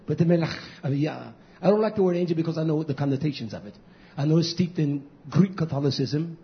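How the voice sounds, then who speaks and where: A male pastor preaching a fiery sermon, swinging from loud shouting to hushed near-whispers and repeating key phrases. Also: fairly high pitch, expressive, fast. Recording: dull lo-fi recording.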